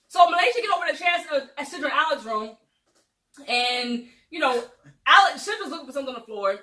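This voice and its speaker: Bright young woman retelling a story. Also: sits high, quick pace. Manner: animated plot retelling with acted-out quotes. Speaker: book club host. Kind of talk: casual book discussion. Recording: roomy echo, voice far from mic.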